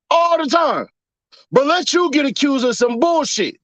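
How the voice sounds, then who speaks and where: High-pitched man ranting, mocking. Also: expressive, normal speed, fairly bright tone, no echo, lo-fi sound. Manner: mocking, profane, rhetorical questions, laughing at the audience. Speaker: commentary vlogger. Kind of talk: casual ranting commentary.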